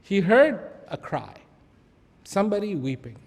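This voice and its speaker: A high-voiced man tells a parable to an audience. He takes his time, pausing between phrases. His words ring on in a long hall reverb. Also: sing-song. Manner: slow, deliberate narration. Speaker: storyteller.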